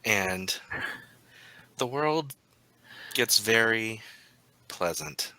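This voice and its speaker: Slow, very bright-voiced male storyteller. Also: lowish voice, lively intonation, rough recording. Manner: unhurried, halting narration with frequent ums. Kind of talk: narrating a tabletop role-playing game.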